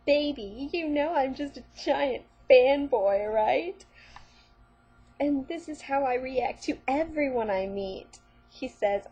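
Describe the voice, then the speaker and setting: A woman's voice: fairly high pitch, warm tone, slightly rough, lo-fi sound. A woman vlogger reading fan fiction aloud, breaking in with sarcastic, mocking commentary.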